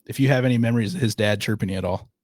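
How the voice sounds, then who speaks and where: A man's voice: mid-range voice, very fast, darkish tone, no room sound, studio quality. A man hosting a radio show, asking casual questions and reading listener questions while laughing along.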